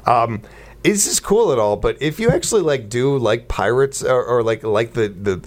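Chatty man with a lively voice. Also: medium pitch, moderate pace. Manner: rambling, chatty with many fillers and restarts. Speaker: morning show co-host. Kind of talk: casual chat.

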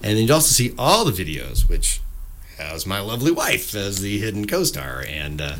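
A middle-aged musician, guesting on a casual radio interview, speaks into a studio microphone and tells animated anecdotes with big swings in pitch and loudness, doing playful voices for the people involved. His loose, rambling talk is full of fillers at a normal speed, with slight background noise.

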